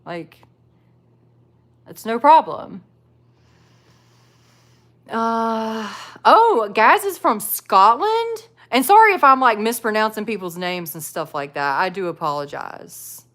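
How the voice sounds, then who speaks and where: A woman's voice: medium pitch, expressive, slow, long pauses, a bit bright. A woman hosting a casual live stream, reading chat comments aloud and talking with viewers. She chats loosely, laughs often and fills her talk with "like". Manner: chatty, laughs often, many "like" fillers. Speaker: livestream host reading chat.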